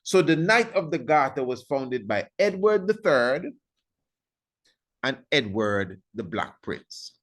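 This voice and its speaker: Man lecturing on history, slow and deliberate, pitch jumping all over, keeps quizzing the listener. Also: big pitch swings, a bit bright. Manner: emphatic, repeats points, asks the listener rhetorical questions.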